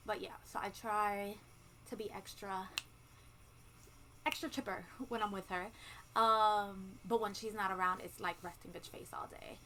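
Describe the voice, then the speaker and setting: A woman talks straight to camera in a loose, candid home vlog, full of ums and likes and casual swearing. Her voice sits at an ordinary middle pitch. A faint ceiling fan hums behind her. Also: a bit bright, low-quality recording. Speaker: vlogger. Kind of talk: casual pregnancy update vlog. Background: faint ceiling fan hum.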